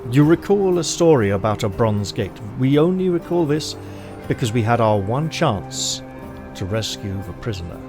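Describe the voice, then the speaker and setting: A man reading a solo gamebook aloud with measured, dramatic narration and commenting on his choices as he plays. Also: on the low side, expressive. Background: music.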